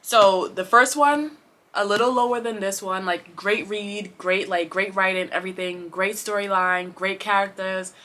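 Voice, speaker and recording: A woman chatting to camera about books she read, rambling with many fillers and restarts, passionate and expressive. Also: medium pitch, normal speed. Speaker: booktuber. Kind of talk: casual chat to camera.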